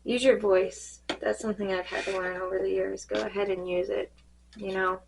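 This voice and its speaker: A woman reading cards in a casual spiritual check-in, her voice fading and a little hoarse, rambling and halting with many fillers. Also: mid-range voice, little pitch movement, slight background noise, low-quality recording. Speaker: tarot card reader.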